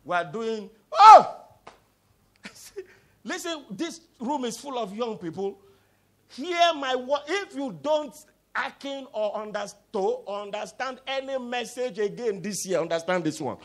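High-voiced emphatic male preacher. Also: lively intonation, unhurried. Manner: emphatic and repetitive, bursting into loud exclamations; coaxing the congregation to answer back. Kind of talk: sermon with call-and-response.

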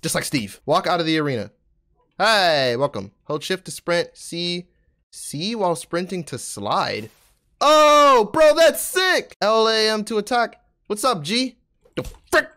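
A young man giving excitable, trash-talking commentary while playing a video game. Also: sits high, measured pace. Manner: excitable, trash-talking, swings from mumbling to shouting. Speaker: gaming YouTuber. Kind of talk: gameplay commentary.

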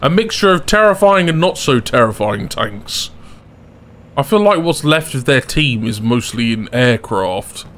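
Excitable young man commenting on a game. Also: medium pitch, unhurried. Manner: excitable, bursts into loud laughing fits. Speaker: gaming YouTuber. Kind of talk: gameplay commentary.

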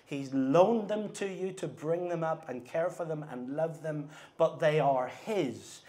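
A middle-aged man preaching a sermon at a conference, earnest, moving between hushed and emphatic delivery. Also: on the high side, a little slow. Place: conference hall.

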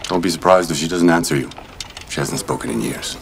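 A deep-voiced calm rancher. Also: male voice, vocal fry. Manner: calm, measured. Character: calm older Native American rancher, welcoming.

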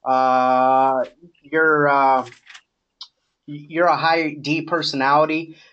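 A middle-aged man coaching a sales agent on a call, talking in a relaxed, encouraging way with many fillers. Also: on the high side, very slow, clean tone, dull audio.

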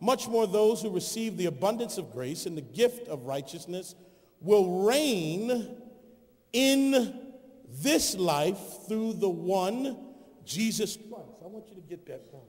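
A man pastor preaching a sermon, building to shouted emphasis and calling on the congregation to answer him. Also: high-pitched, expressive, takes it slowly, long pauses, long reverb tail. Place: church sanctuary.

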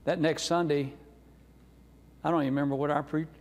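A man's voice: on the high side, steady tone, fairly quick. A man, preaching as a guest speaker and telling a personal testimony in a folksy, earnest way. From North Carolina. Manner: folksy, earnest, warm storyteller. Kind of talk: sermon testimony storytelling. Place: church sanctuary. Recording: reverberant church sanctuary.

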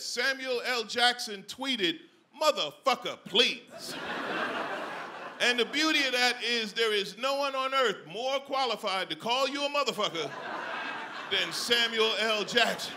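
A man's voice: very high-pitched, normal speed, background noise. A man doing a stand-up comedy set on a club stage, blunt and conversational, often checking in with the crowd.

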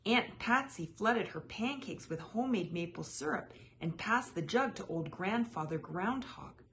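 Woman reading a children's storybook aloud, with an animated, rising and falling voice and a middle pitch. Her storytelling is lively and expressive, and a faint hiss sits under the voice. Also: measured pace. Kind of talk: reading a picture book aloud.

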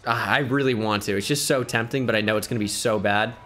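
A man voicing an older male butler, calm and wise, in a low, soft, mock-solemn tone. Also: quick pace, slight background noise, lightly acted. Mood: musing.

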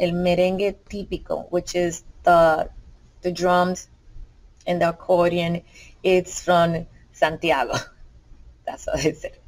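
A woman from the Dominican Republic walks through a school presentation in a somewhat low voice. She talks informally, stopping often for fillers and correcting herself as she goes. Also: a little mellow, rough recording. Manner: hesitant, with fillers and self-corrections. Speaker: bilingual teacher.

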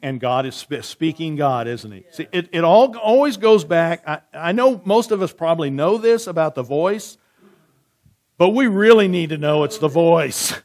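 A man preaching a sermon as pastor, reading scripture slowly and softly, then asking his congregation questions and answering back in a conversational way. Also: a little high, animated.

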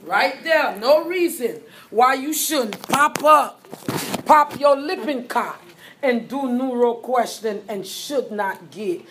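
A woman teaching a live nursing exam review class, quizzing students and repeating key points. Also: on the high side. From Haiti. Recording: echoey classroom with faint ambience.

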